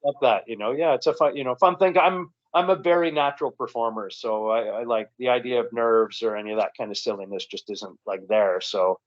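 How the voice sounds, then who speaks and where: A man with a Canadian accent, a comedian chatting as a guest in an interview, rambling and relaxed with frequent restarts. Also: mid-range voice, brisk, few pauses. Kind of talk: casual interview chat. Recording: dull lo-fi recording.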